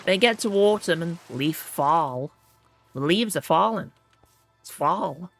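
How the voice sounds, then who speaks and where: A woman's voice: lowish voice, animated, takes it slowly, soft background music. A woman streaming a game, chatting playfully and poking fun at herself as she plays. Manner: playful, chatty and self-mocking while playing. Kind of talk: casual gaming stream chat.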